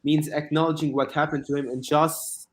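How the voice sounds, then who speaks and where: A man co-hosting a casual podcast chat who pushes his argument with real energy and acts out lines from the movies he brings up. His voice sits a little high for a man. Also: brisk. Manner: animated, acts out quotes while arguing. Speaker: podcast co-host.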